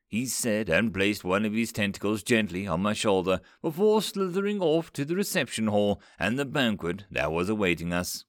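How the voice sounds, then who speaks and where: A man reads a science-fiction story aloud with dramatic expression. His pitch rises and falls in a lively way. The sound is close and dry, with no room echo. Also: moderate pace, hardly any pauses. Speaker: narrator. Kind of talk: scripted story narration.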